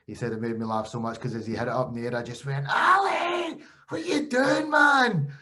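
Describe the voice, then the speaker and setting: A man's voice: mid-range voice, very fast. A man from Scotland, a podcast host and former cricketer, telling stories in a casual interview with quoted voices. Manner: animated storytelling with quoted voices.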